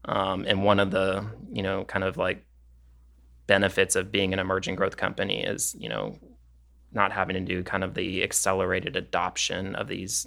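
A man explaining technical accounting rules on a podcast, steady and methodical, with frequent filler phrases. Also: sits low, gravelly. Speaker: accounting expert guest.

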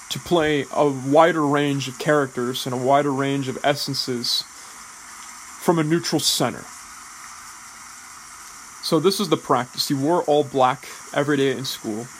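A man who is an actor, explaining drama school training in a deliberate, measured way, often restarting words. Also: on the high side, a little hiss or hum, poor audio. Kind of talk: explanatory talk.

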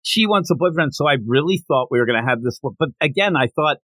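Here a man with a slightly high voice talks fast, no echo in the audio. He's a co-host on a manga podcast, an animated storyteller who eagerly recounts scenes and acts out what the characters say during a casual review.

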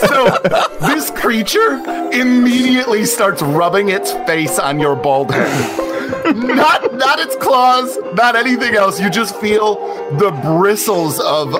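A man narrating as game master of a tabletop game, describing scenes slowly with searching fillers. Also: a little high. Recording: loud music underneath.

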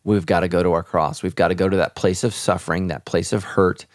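A man's voice: sits low, little pitch movement, brisk, no room sound, clean studio sound. A man, a pastor, speaking earnestly and reflectively in a podcast conversation about faith.

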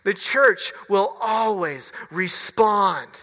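A male pastor preaching a sermon with a personal story, earnest and halting, often restarting his words. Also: high-pitched, lively intonation, sharp tone. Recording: reverberant hall.

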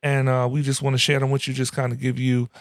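A man's voice: medium pitch, completely flat delivery, quick pace, no echo, clean studio sound. A man co-hosting a casual podcast, joking around and laughing often. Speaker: podcast co-host.

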